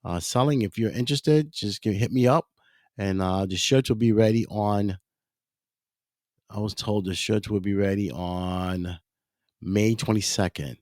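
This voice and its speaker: His voice is on the low side and his pace measured as he delivers a loose, self-correcting solo podcast talk, greeting listeners as "ladies and gentlemen." It's a dry, clean studio recording.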